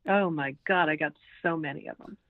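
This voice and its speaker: A woman's voice: sits low, a little fast, dry recording. A woman in her sixties, a podcast guest talking casually and hesitantly, with many ums and restarts. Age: 60s. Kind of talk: casual interview conversation. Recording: tinny phone line.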